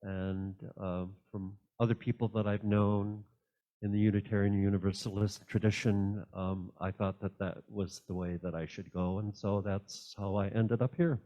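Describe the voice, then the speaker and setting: A man giving a hesitant, halting testimony at a church service. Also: on the low side, flat delivery, dark tone. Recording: dull muffled recording.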